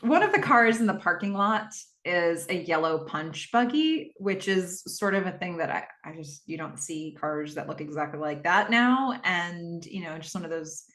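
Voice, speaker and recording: A woman's voice: lowish voice, animated, fairly bright tone, roomy sound. A woman hosting a podcast, recapping a TV episode in a chatty, rambling way with lots of fillers. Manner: chatty, rambling, with frequent fillers and quick acted-out quotes. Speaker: podcast host.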